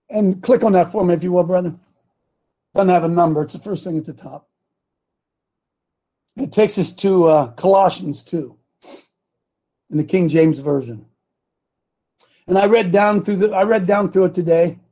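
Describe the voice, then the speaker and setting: A man preaching a sermon, fervent and folksy, climbing into loud emphatic passages when he reads scripture. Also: high-pitched. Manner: fervent, rising to shouts on scripture, folksy asides.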